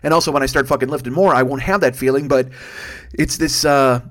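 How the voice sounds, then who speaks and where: A man in his fifties talks fast through a digressive comic monologue. He swears constantly and mocks himself as he goes, like a podcast host riffing alone at the mic. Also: mid-range voice, steady tone, a bit bright. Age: 50s. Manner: heavy swearing, self-mocking; digressive storytelling. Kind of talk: rambling comedic monologue.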